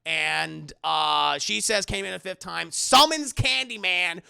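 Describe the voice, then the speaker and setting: A man's voice: high-pitched, measured pace, vocal fry, pushed and bright, clean tone, dry recording. A man reviewing a film live for his chat in a casual, profane, rambling recap.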